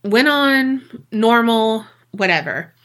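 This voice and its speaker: Bright-voiced woman telling a story. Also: fairly high pitch, animated, takes it slowly. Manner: chatty, swears freely. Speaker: podcast co-host. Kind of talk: casual storytelling.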